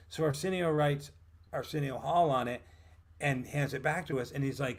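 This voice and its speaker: A man's voice: mid-range voice, fairly quick. A man, a guest telling a story and acting out what people said. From Vermont, USA. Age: 50s. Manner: animated, acts out what others said. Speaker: guest actor and writer. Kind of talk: storytelling in a casual interview.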